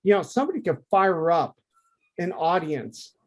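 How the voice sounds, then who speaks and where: A man who teaches anatomy for artists, talking through a drawing demonstration on a video call, lively and emphatic. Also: high voice, normal speed. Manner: animated, conversational, emphatic teaching. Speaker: anatomy art professor.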